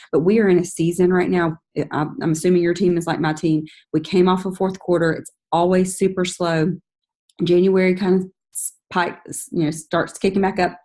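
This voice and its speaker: Brief: woman, team leader, lower-pitched, motivational coaching call, lively and direct. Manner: energetic, coaching, acts out chatty quotes in a higher voice. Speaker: team leader giving sales tips.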